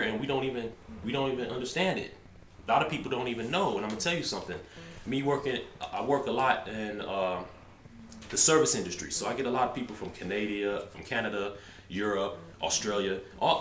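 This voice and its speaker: A man's voice: medium pitch, a bit bright, roomy sound, slight background noise. A man talking to camera in a rambling, emphatic way, often restarting his sentences. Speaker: vlogger. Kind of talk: casual monologue to camera.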